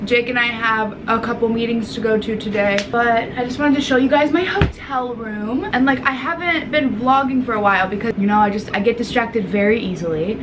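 High-voiced young woman, bubbly hotel-room vlog, background noise. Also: fairly quick, hardly any pauses. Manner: bubbly, goofy, talks to herself. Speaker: vlogger. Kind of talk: casual vlog to camera.

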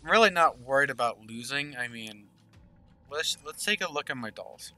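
A man's voice: mid-range voice, expressive, normal speed, pushed and bright, soft background music. A man giving casual gameplay commentary, thinking aloud and murmuring game text as he plays. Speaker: gaming channel host.

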